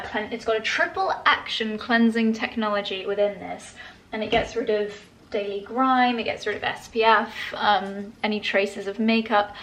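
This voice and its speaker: An English woman with a medium-pitched, creaky voice chats casually in a home vlog. A lifestyle vlogger, she gushes about skincare while massaging her face, chatty and given to soft laughs.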